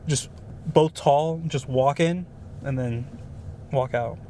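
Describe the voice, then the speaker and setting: A man's voice: medium pitch, takes it slowly, mellow, a little hiss or hum. A young man co-hosting a podcast, telling stories in a rambling, casual way with lots of fillers. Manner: rambling storyteller with many fillers. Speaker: podcast co-host. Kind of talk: casual chat.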